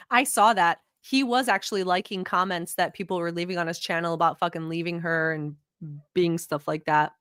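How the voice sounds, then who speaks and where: A woman's voice: lowish voice, fairly even intonation, normal speed, fairly bright tone, smooth, no echo, studio quality. A woman from the Middle East hosting a casual reaction video, with blunt, profane commentary and frequent laughing asides. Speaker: reaction vlogger host.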